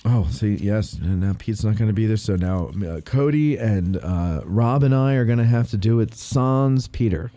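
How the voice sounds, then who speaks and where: A man's voice: fairly low pitch, normal speed, few pauses, no room sound. A man hosting a casual podcast, reading local news aloud with playful asides and jokes. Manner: jokey, animated, reads aloud with playful asides. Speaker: podcast host.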